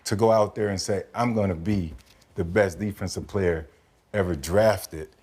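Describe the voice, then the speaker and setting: A man with a low voice hosts a podcast interview. He builds his questions slowly and leans on the words he wants to stress. He sometimes trips over a word and repeats it before pressing on. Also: darkish tone, husky. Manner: deliberate, emphatic questioning with stumbles. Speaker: podcast host.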